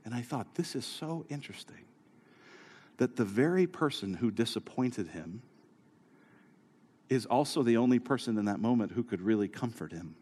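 A male pastor preaching a sermon who moves from quiet storytelling to raised, urgent exhortation. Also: medium pitch, expressive, normal speed, pauses often, slightly rough. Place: church hall. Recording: live sermon with long hall reverb.

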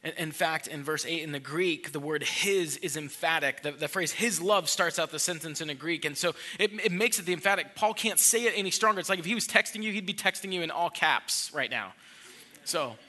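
A pastor delivers a sermon in a church, pressing his points with earnest emphasis. His voice is bright and forward, sitting a little high for a man. He often repeats a word before pushing on. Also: a little fast.

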